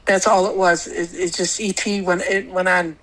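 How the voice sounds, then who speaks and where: A woman's voice: on the low side, level tone, fairly bright tone, rough recording. A woman, a guest on the show, recounts a paranormal experience, stopping often to search for words and laughing between remarks. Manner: halting, searches for words with many fillers.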